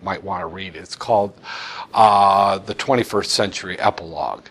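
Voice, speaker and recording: A man's voice: fairly low pitch, a bit bright. A man teaching a history lecture, talking animatedly with sarcastic asides.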